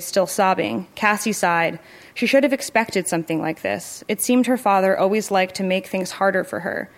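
A woman narrating a literary short story in a measured, even storytelling manner. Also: mid-range voice. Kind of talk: literary fiction reading.

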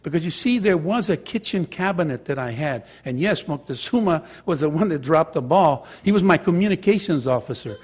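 An older man tells stories in a husky voice and a fairly high register. He jokes as he goes and drops into Spanish now and then. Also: animated, fairly quick, few pauses. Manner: anecdotal, joking, switches into Spanish. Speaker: former high school teacher and counselor. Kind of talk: storytelling talk to an audience.

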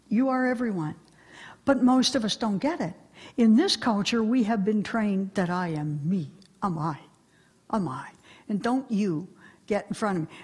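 A woman's voice: medium pitch, slightly rough. A woman, a religious sister, answering audience questions at a talk in a forthright, emphatic way.

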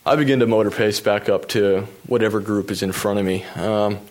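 A man with a low voice recounts a crash-filled day of racing as a professional cyclist. He tells it in a relaxed, self-deprecating storytelling manner and drops in fillers. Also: a little fast. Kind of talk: storytelling a personal anecdote.

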